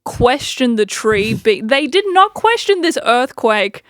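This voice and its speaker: A woman's voice: a little high, very animated, slow, dry recording, studio quality. A woman guesting on a podcast, bluntly incredulous about a movie's plot and swearing casually. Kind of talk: casual film review chat.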